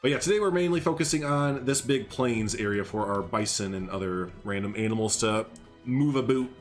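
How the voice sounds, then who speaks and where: A man's voice: lowish voice, fairly quick, faint music behind. A young man chatting casually on a live stream while he builds in a game, rambling, humming and greeting viewers by name.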